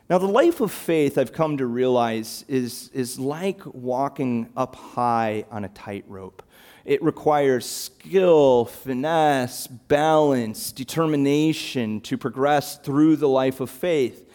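A man preaching a sermon, animated and emphatic, throwing out rhetorical questions. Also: medium pitch, takes it slowly.

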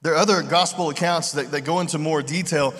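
A man preaching a sermon in a relaxed, conversational way, acting out voices in his retellings. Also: on the high side, quick pace. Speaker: pastor. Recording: long reverb of a large hall.

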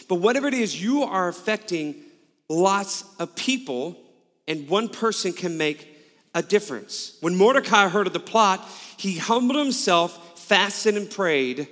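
A man's voice: high-pitched, a bit bright. A male pastor preaching a sermon, telling a personal story with candid, self-mocking humor. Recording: long hall reverb.

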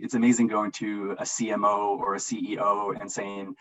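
A man's voice: on the low side, level tone, moderate pace, few pauses, a bit bright, low-quality recording. A man answering interview questions in casual, enthusiastic talk, often repeating words as he gets going. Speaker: interview guest, marketing analyst.

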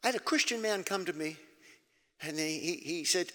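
A man preaching to an audience in an emphatic way, breaking into sudden loud, high outbursts. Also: moderate pace. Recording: long reverb of a large hall.

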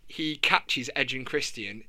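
A man co-hosting a podcast in casual chat, relaxed and chuckling as he tells stories. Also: mid-range voice, takes it slowly. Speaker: podcast co-host.

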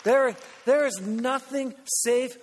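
A man preaching as a pastor, energetic and repetitive as he urges the congregation on. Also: very high-pitched, slow, crowd noise, background noise. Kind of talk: sermon. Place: large church sanctuary. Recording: long reverb of a church hall.

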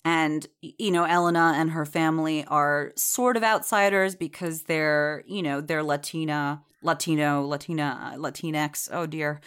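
A woman's voice: low voice, fairly even intonation, measured pace, hardly any pauses, a bit bright, clear, resonant tone. A woman co-hosting a podcast in casual chat, chatty and digressive, with many fillers and frequent laughter. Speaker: podcast co-host reviewing a TV series.

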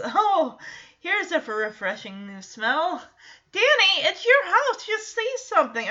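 A woman's voice: a little high, sharp tone, muffled recording. A woman casually recapping a sitcom episode, chatty, laughing often and quoting the characters.

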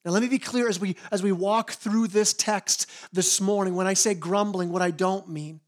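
A man's voice: sits high, fairly even intonation, normal speed. A man preaching a sermon as pastor, earnest, often repeating words as he starts a phrase.

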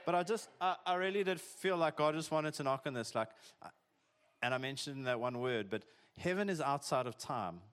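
A man's voice: mid-range voice, animated, normal speed, fairly bright tone, clean tone. A man preaching a sermon in a conversational, jokey way, peppered with "like" and "eh". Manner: conversational, chatty, uses "eh" and "like", jokey asides. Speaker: pastor.

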